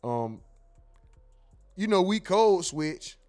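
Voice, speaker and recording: Hosting a casual livestream, a man with a high, slightly mellow voice draws out his words and sounds very animated. He reads the chat out loud, jokes around, swears freely and drops into impressions of other people.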